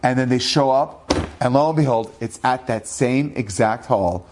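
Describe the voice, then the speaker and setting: A man, a rabbi, telling an inspirational story in a lively way that acts out the dialogue, with Hebrew and Yiddish words mixed in. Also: mid-range voice, normal speed, noisy background. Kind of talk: storytelling podcast.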